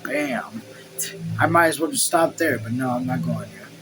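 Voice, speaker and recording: A man's voice: mid-range voice, expressive, normal speed, over music, poor audio. A man reading a novel aloud at home, casual, stumbling over words and swearing in asides. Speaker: audiobook reader. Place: home room.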